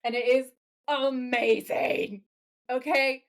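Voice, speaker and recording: A woman who was raised partly in America co-hosts a casual podcast recap of a TV episode, playfully retelling scenes and voicing quoted lines in an animated way. She has a mid-range voice and a normal speaking speed.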